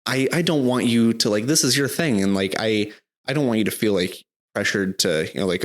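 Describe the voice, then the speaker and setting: Halting low-voiced young man chatting. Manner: halting, many restarts and fillers. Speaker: podcast co-host. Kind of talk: casual chat.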